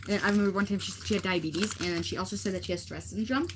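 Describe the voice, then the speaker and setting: A woman's voice: mid-range voice, fairly even intonation, rapid-fire, few pauses. A teenage girl livestreaming, chatting casually and rambling with lots of fillers. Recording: noisy stream audio.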